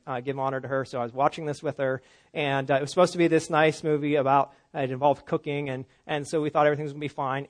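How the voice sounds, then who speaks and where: A middle-aged man preaching a sermon as pastor, in a conversational way, often checking in with the congregation. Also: on the high side. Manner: conversational preaching, frequent "all right?" and "right?" check-ins.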